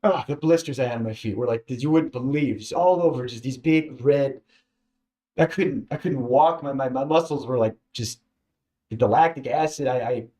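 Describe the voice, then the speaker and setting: A man telling a personal story in a casual, halting way, repeating words and acting out what others said. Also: mid-range voice. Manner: halting, repeats words, lively quoting voices. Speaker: former contestant telling his story.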